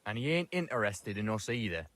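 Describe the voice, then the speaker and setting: Game role: gruff Northern English drinker, blunt and lively. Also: male voice, fairly low pitch, fairly quick, a crowd in the background. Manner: gruff, blunt, laughing dialect talk. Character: rough working-class male tavern drinker. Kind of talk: video game dialogue.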